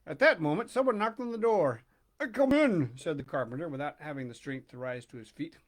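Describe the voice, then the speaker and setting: A man reading a children's storybook aloud, expressive and dramatic, with hushed pauses. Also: on the high side. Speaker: narrator.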